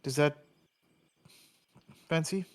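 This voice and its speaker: A man's voice: on the high side, slow. A man voicing a confident young female demigod chess rival with a put-on English accent, talking cockily between fillers. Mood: boastful. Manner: cocky, hesitant fillers.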